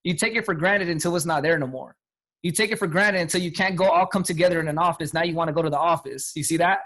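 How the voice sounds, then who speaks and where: High-voiced man telling a motivational story. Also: quick pace. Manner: energetic, repetitive, quotes people in acted voices. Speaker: guest speaker.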